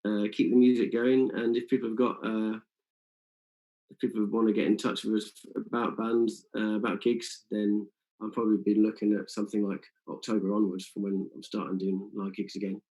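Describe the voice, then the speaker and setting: Nottingham guy, music promoter, lowish voice, lots of uhs, just chatting. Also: flat delivery, mellow, rough recording. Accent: Nottingham English. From England. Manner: halting, many fillers. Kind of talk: casual interview chat.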